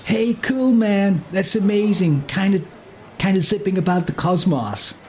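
A man's voice: high voice, a little slow, darkish tone, slight background noise, voice pushed up. A man voicing a laid-back young male hippie with a drawling, spaced-out manner. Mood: dreamy.

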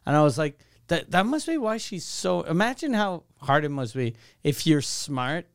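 A man's voice: fairly high pitch, sing-song, moderate pace, clear, resonant tone, no room sound. A man co-hosting a comedy podcast, telling a blunt, darkly humorous story and laughing between lines, close on the mic. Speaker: podcast co-host. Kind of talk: casual comedic chat.

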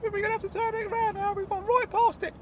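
A man voicing a fussy, nostalgic older uncle in a high, squeaky put-on voice, prim and insistent, in a comedy podcast sketch. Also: little pitch movement, quick pace, background noise. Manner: insistent, prim and easily delighted.

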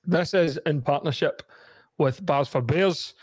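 A man's voice: fairly high pitch, measured pace, darkish tone, husky, no echo. A man with a Scottish accent hosting a casual podcast, chatty with lots of "um"s, speaking in a studio. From Scotland. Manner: chatty, laughing often, frequent ums. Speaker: podcast host.

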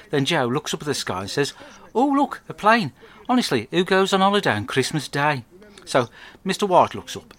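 A man with an English accent telling a crude comic diary monologue, rambling and deadpan. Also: medium pitch. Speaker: podcast host.

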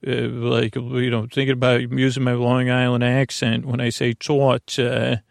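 A middle-aged man hosting a sleep podcast, talking in a meandering, self-interrupting, soft and lulling way with a creaky voice. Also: mid-range voice, monotone, a little slow, dry recording, studio quality. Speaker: podcast host. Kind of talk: rambling sleep podcast monologue.

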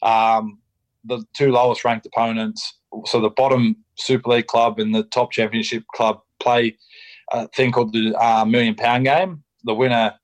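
A man's voice: mid-range voice, poor audio. A young Australian man, a rugby league player, talking candidly as a podcast guest, casual and blunt, with lots of ums, restarts and swearing. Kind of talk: candid interview chat.

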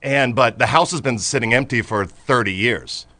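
A man in casual talk-show chat, telling a neighborhood story in a soft, hesitant way. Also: medium pitch, moderate pace, dry recording.

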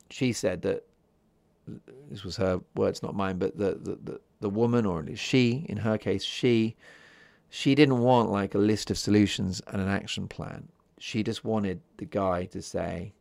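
A man hosting his own podcast in a calm, chatty monologue, keeping his voice soft and easy for listeners drifting off to sleep. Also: on the low side, measured pace, creaky, no room sound. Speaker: podcast host.

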